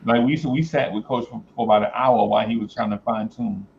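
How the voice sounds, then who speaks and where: A man hosting a casual talk show, rambling and thinking aloud with many pauses and fillers. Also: on the low side, steady tone, vocal fry. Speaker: host. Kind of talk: casual chat. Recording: slightly dull, faintly noisy.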